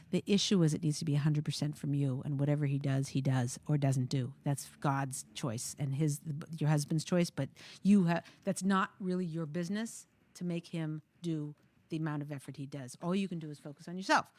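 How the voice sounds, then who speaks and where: A woman's voice: sits low, normal speed, a little mellow. A woman hosting a talk show, giving marriage advice in a jokey, thinking-aloud way with many restarts.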